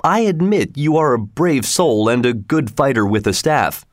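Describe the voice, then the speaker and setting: A man's voice: mid-range voice, expressive, normal speed, dry recording, clean studio sound, natural voice. Robin, a man voicing a bold, hearty outlaw chief. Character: cheerful bold male outlaw leader.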